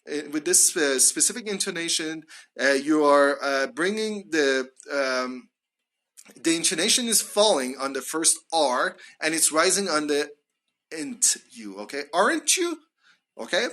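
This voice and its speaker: A young man teaching English on a live stream, slowly drawing out example phrases and exaggerating rising intonation in tag questions. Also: fairly high pitch, bright, forceful tone.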